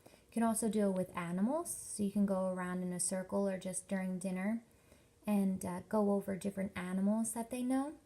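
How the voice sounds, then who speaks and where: A young woman teacher giving a workshop presentation to parents, explaining slowly and carefully with lots of examples. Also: mid-range voice, steady tone, mellow. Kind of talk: instructional presentation.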